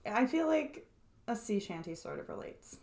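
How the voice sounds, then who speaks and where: A woman's voice: a little high, sing-song, normal speed, a little mellow, reverberant. A young woman co-hosting a podcast in casual chat, giggly and teasing. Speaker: podcast co-host.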